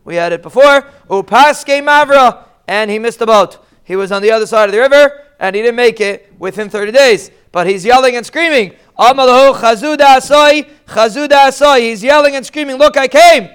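A man giving a Talmud study lesson, explaining the Aramaic text line by line in casual English and acting out the quoted shouts with a raised voice. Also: extremely high pitch, fairly quick, hardly any pauses, clean tone. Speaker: Talmud teacher.

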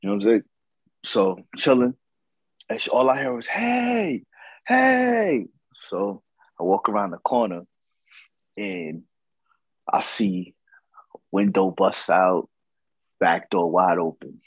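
A man's voice: deep voice, fairly even intonation, unhurried, pauses often, husky, no echo, rough recording. A man telling a casual story about a night out, slangy and profane, acting out what others said.

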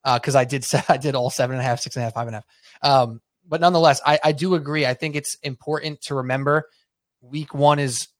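A man co-hosting a sports podcast, chatting casually and telling rambling, animated stories. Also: mid-range voice, quick pace, dry recording. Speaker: podcast co-host.

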